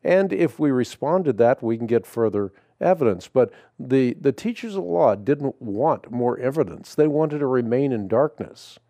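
A man hosting a call-in radio show, talking in a measured, emphatic, preacherly way. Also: mid-range voice, animated, warm tone, no echo.

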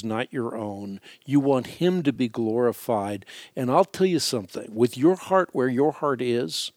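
A man's voice: medium pitch, a little mellow, no echo, studio quality. A male radio host giving earnest, reassuring religious advice to a caller.

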